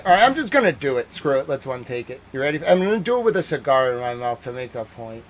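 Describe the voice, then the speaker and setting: A man reporting on a war from a livestream, ranting in exasperation and then reading a measured formal report. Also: a little high, very animated, fairly bright tone. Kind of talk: livestream news commentary.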